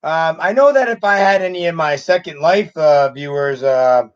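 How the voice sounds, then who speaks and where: High-voiced man chatting on a livestream. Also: highs cut off. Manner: halting, chuckles often. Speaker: channel host on a livestream. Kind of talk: casual livestream chat.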